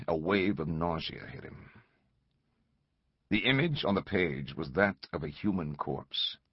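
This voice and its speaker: Low husky male audiobook narrator. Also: no room sound. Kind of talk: scripted narration. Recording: slightly dull lo-fi recording.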